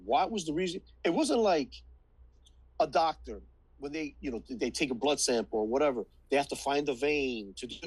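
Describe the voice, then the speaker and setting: A man's voice: medium pitch, animated, normal speed, husky, dry recording, poor audio. A man on a casual podcast who argues emphatically, repeating his points to drive them home. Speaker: podcast co-host. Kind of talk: casual movie-review chat.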